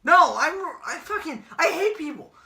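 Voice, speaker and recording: A young man with an unusually high, piercing voice rants about wrestling on a casual podcast. His pitch swings widely as he curses and bursts into shouts, with a sharp, bright edge. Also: sing-song, moderate pace. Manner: ranting, profane, shouts when angry. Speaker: podcast co-host. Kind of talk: casual wrestling predictions chat.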